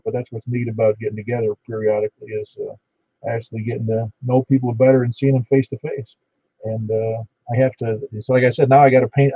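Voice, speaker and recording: A man's voice: medium pitch, dark tone. A man running an amateur radio net, chatting casually with callers and reading out call signs in a folksy way. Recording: dull lo-fi radio audio.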